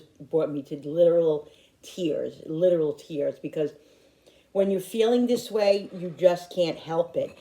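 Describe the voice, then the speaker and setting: A woman's voice: on the low side, mellow. A middle-aged woman talking to her viewers in a heartfelt, rambling way, often restarting her sentences. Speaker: YouTuber. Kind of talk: personal vlog talk. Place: home in upstate New York.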